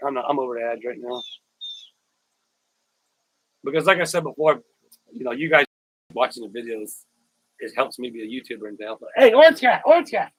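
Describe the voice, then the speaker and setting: A man's voice: medium pitch, a little fast, long pauses, bright, forceful tone, husky, no echo, poor audio. A man hosting a casual live stream, rambling, repeating words and thanking viewers by name. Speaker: YouTuber live-stream host.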